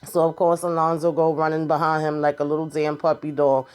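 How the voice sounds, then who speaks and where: A woman's voice: low-pitched, level tone, a little fast, clean tone. A woman casually recapping a TV episode, blunt and sassy, swearing freely as she retells the scenes.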